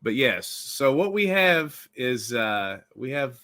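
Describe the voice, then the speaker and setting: Tennessee-accented host, bright tone, loose joking rambler. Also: male voice, medium pitch, sing-song, slow pace. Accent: East Tennessee. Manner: joking, rambling, self-deprecating. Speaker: podcast host. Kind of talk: casual comedic interview.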